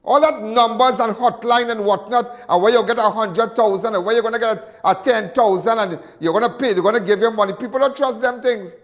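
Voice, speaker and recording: A Trinidadian man hosting a live crime call-in show, animated and repetitive. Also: high-pitched, a little fast, few pauses, big-room sound. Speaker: talk show host.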